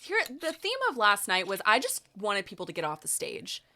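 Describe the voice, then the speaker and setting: A woman's voice: mid-range voice, huge pitch swings, moderate pace, sharp tone. A young woman co-hosting a podcast in casual chat, opinionated and chatty, restarting often. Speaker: podcast co-host.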